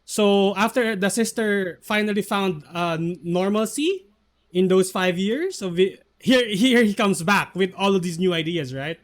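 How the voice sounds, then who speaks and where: A man's voice: high-pitched, animated, unhurried. A man, co-hosting a casual recap chat, rambling with many fillers and restarts. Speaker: podcast co-host.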